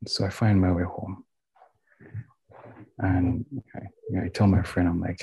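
A young man whose first language is not English, speaking in a library and telling his own story in a candid, halting way with many restarts. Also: sits low, flat delivery, vocal fry, warm tone, breathy edge, no echo, rough recording. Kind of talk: personal recovery story. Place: indoors, a library.

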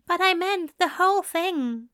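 A woman's voice: very high voice, animated, unhurried, a bit bright, no echo, clean studio sound, voice pushed up, full character voice. A woman reading a story, voicing an adult male angel who talks in a breathless, adoring way. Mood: gentle teasing. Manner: breathless, adoring, murmuring endearments.

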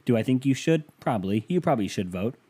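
A man's voice: medium pitch, animated, fast talker, warm tone, slightly rough. A man hosting a casual solo podcast, rambling and swearing freely while reading listener emails, from the United States. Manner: profane, rambling, sarcastic. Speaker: podcast host.

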